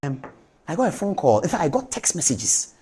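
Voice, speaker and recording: A Ghanaian man hosts a TV talk show, reading out papers and then commenting on them with heavy emphasis. His voice sits a little high and swings widely in pitch as he talks. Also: brisk, loud music behind the voice. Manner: animated, emphatic, reads documents aloud.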